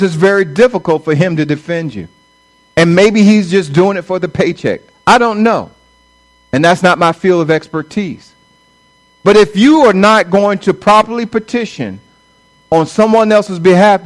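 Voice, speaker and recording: High-voiced man preaching a sermon. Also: rough recording. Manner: conversational preaching, acts out quoted voices. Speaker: pastor.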